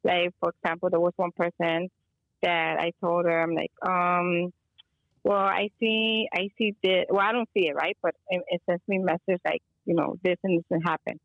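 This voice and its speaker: Dialing into a relaxed phone-in show, a Chicago-based energy healer tells a rambling story peppered with Spanish. She has a fairly low, steady voice with vocal fry and a moderate pace. The lo-fi call has no echo.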